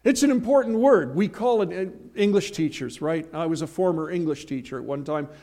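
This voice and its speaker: A man preaching a sermon, emphatic, slowing and swelling on key phrases, with folksy asides and homely examples. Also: a little high, warm tone. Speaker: pastor.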